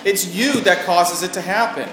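A man's voice: sits high, moderate pace. A man preaching a sermon in an earnest way, asking the listeners questions as he goes. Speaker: pastor. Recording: roomy echo with faint background noise.

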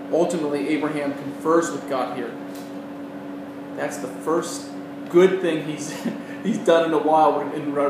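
A man preaching a sermon in an earnest way, with rising emphasis and quiet asides. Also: fairly high pitch. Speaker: pastor. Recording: very echoey room, mic at a distance, faint noise.

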